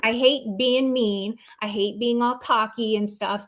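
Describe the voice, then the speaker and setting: A woman's voice: fairly high pitch, steady tone, unhurried, few pauses. A young woman on a livestream, delivering a heated, sarcastic rant full of swearing and mock apologies.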